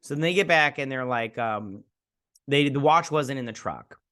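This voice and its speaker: Male host, mid-pitched voice, loose fan-review recap, rambles and acts out the dialogue. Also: normal speed, clean tone. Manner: animated retelling, acting out characters' lines; rambling, many fillers and restarts. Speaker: show reviewer. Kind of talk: casual episode recap and review.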